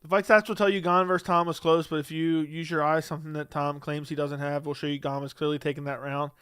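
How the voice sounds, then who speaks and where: A man hosting a casual livestream, reading chat and firing back bluntly and dismissively. His voice sits a bit high and comes through crisp and clear. The sound is dry, with no room echo. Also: flat delivery, quick pace, a bit bright.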